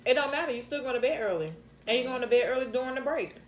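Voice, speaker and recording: A woman's voice: sits high, rapid-fire, highs cut off. A middle-aged woman and mother, chatting casually at a home dinner table, teasing and mock-scolding in a laid-back way. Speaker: mother and vlog host. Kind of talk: casual family chat over dinner.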